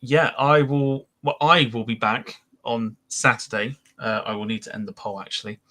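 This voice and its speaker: A man's voice: mid-range voice, fairly even intonation, normal speed, pushed and bright. A man hosting a podcast, chatting casually and rambling with lots of ums as he wraps up the show. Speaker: podcast host. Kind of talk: casual podcast chat and sign-off.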